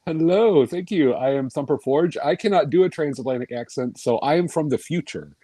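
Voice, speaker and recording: A man's voice: a little high, fairly quick, warm tone, dry recording. A man, a writer and regular guest, introducing himself in a dry, matter-of-fact way. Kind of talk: casual chat on a livestream.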